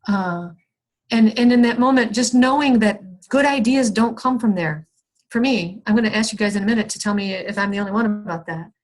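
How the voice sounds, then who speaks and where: A woman's voice: medium pitch, fairly quick. A young adult woman teaching an online wellness workshop over a video call, talking in a conversational, reflective way with many fillers and restarts. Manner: acts out her own past frustration with raised excited voice. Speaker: workshop facilitator.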